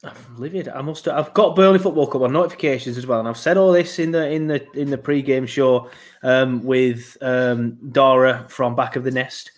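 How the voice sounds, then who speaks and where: A man's voice: medium pitch, steady tone, normal speed. A young man hosting a casual football podcast, rambling with frequent ums. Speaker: podcast host.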